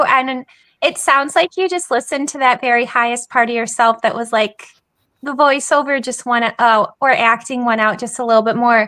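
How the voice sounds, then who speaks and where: A woman co-hosting a podcast, speaking earnestly and warmly affirming the guest. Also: sits high, no room sound. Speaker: podcast co-host. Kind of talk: casual chat.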